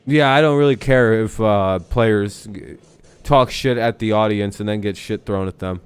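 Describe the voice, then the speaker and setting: A man's voice: on the low side, normal speed, clear, resonant tone, no room sound. A man hosting a live sports watch-along stream, chatting casually and bluntly, swearing freely and laughing at his own jokes.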